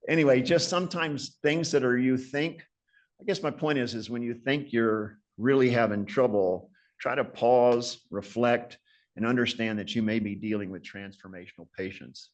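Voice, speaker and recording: A man's voice: mid-range voice, steady tone, moderate pace, muffled recording. A man in his sixties giving a conversational lecture as a guest surgeon, telling stories in a self-deprecating, reflective way.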